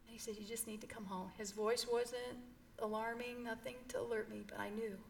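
A woman's voice: a little high, flat delivery, a little fast, creaky, a little hiss or hum. A middle-aged woman telling an emotional personal story in an interview, earnest and heartfelt. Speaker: guest.

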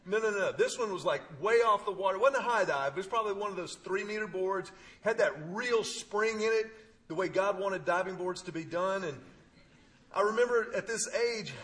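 A man preaching, telling a personal story with humor and emphatic pauses. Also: high voice, fairly bright tone. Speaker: pastor. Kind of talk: sermon.

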